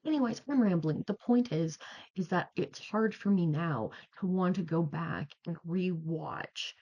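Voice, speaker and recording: A young adult vlogger tells a story in a loose, rambling way, filling sentences with "like". The voice sits at a middle pitch. The audio is slightly dull and lo-fi. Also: measured pace, creaky, dark tone. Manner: rambling, chatty, heavy use of "like". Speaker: video creator. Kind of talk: casual storytelling vlog.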